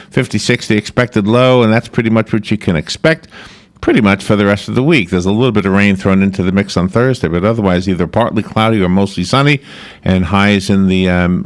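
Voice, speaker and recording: A man hosting a radio show, reading the weather and chatting, who laughs often. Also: fairly low pitch. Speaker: radio host. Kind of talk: casual chat and weather report.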